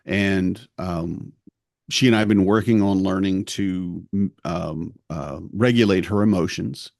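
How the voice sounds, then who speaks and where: A man's voice: low-pitched, a little slow, gravelly, a little mellow, dry recording, clean studio sound. A middle-aged man co-hosting a podcast, rambling through a family story and acting out the lines of the people in it. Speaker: podcast co-host. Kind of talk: casual chat.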